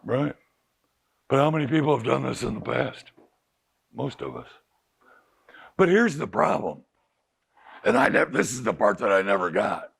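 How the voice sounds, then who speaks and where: A man's voice: mid-range voice, very animated, moderate pace, gravelly, pauses often, a bit bright, slightly rough. A middle-aged male addiction counselor talking candidly to a recovery group, often asking them rhetorical questions. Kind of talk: group talk to clients. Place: recovery house group room.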